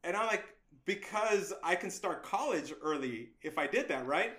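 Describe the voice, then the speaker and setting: A middle-aged man, a guest on an interview podcast, telling stories from his youth in a casual, animated way and acting out the voices of people he quotes. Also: high-pitched, moderate pace. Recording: roomy echo.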